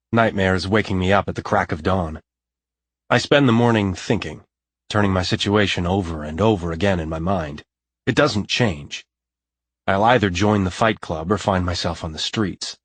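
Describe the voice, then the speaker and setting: Man, very deep voice, husky, brooding romance narration, dry close sound. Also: no room sound. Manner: brooding, intense, swings into anger. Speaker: audiobook narrator. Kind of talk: first-person romance narration.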